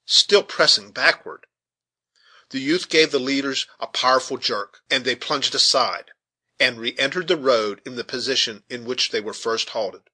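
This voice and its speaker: A man reading a classic novel aloud with expressive, animated storytelling. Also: medium pitch, slightly rough. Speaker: audiobook narrator.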